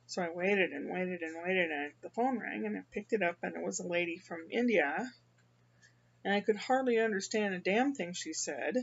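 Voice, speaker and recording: An older woman from the American Midwest, rambling through a casual personal monologue with halting restarts. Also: medium pitch, slightly rough, lo-fi sound. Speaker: vlogger.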